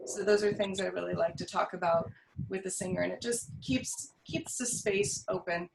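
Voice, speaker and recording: A woman's voice: mid-range voice, normal speed, gravelly, noisy background. A choir director with a Californian accent explains her teaching on a video call. She talks in a thoughtful way, with many ums and restarts.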